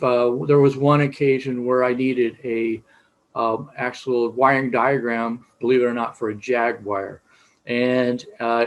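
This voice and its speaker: Middle-aged male shop teacher, mid-pitched, loose and rambling with lots of fillers. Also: rough recording. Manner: rambling, many fillers and restarts. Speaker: automotive instructor. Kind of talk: casual teaching talk.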